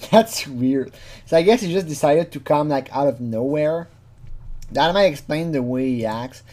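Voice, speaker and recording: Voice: medium pitch, lively intonation, normal speed, darkish tone. A casual true crime commentator who talks freely, laughs often, swears, and mimics the people being quoted.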